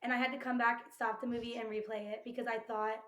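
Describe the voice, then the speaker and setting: Expressive higher-voiced woman in a roomy space. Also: fast. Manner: expressive, animated storytelling. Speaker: podcast panelist. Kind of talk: casual movie discussion. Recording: roomy echo.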